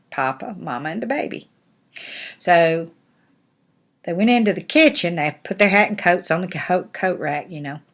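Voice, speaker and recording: Folksy older woman telling a story. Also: lowish voice. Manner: folksy, animated, homespun phrasing. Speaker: grandmother reading stories. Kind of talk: storytelling to grandchildren.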